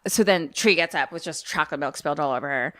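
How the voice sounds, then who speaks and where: A woman's voice: deep voice, quick pace, no room sound, studio quality. A young woman co-hosting a podcast, casually retelling a film's plot with profanity and quoted lines. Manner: profane, animated storytelling with quoted voices. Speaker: podcast co-host.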